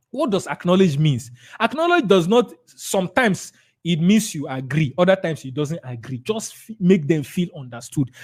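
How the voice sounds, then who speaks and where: A man with a Nigerian accent giving a live sales training talk, emphatic and repetitive, acting out conversations with clients. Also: high voice. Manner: emphatic, repeats key words, acts out client dialogues.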